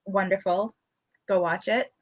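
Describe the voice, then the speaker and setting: A young woman with a mid-range voice talks as a podcast guest. She is cheerful and quick to giggle, with a light sarcastic streak in her chat. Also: mid-range voice, fairly even intonation, muffled recording.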